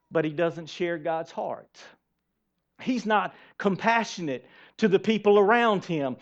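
A male pastor preaching a sermon in a church, animated and asking the congregation rhetorical questions. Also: high-pitched, a little slow. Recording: dull lo-fi sermon recording.

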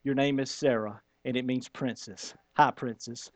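A man's voice: medium pitch, fairly even intonation, normal speed, voice pushed down, natural voice. A man voicing a sheepish, embarrassed middle-aged husband in a sermon retelling.

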